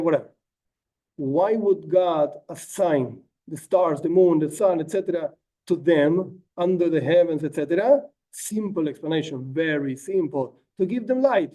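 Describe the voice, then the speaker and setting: Rabbi teaching a text, lively asides; high, mellow voice, mic set back. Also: male voice, distant mic. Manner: animated, acts out quotes, frequent asides like "whatever". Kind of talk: informal text lesson.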